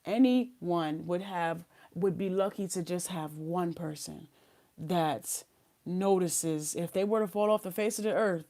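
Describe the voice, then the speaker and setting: A woman's voice: fairly low pitch, a little slow, dark tone. A woman giving a live tarot reading, chatting casually in slang and reading card messages aloud. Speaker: tarot reader.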